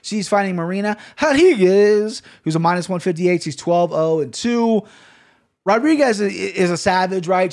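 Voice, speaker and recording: Podcast host, male, high-pitched, brash and profane, rambling betting picks. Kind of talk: casual betting picks monologue.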